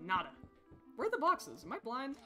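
A woman streaming a horror game, yelling and swearing at the characters and then dropping into quiet asides. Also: high-pitched, huge pitch swings, soft background music. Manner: rapid swings to quiet asides.

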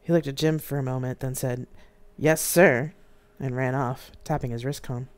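Author reading their own book live, dramatic delivery, mid pitch. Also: steady tone, fairly quick, darkish tone, smooth. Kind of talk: live-streamed audiobook reading.

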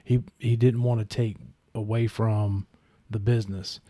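A young man with a mellow, warm voice spins a long story on a podcast. He rambles and swears, leaning on lots of fillers. His voice sounds dry and close, with no room around it. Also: on the low side, level tone, a little slow, dry recording. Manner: rambling and profane, full of fillers. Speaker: podcast host. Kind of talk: casual storytelling chat.

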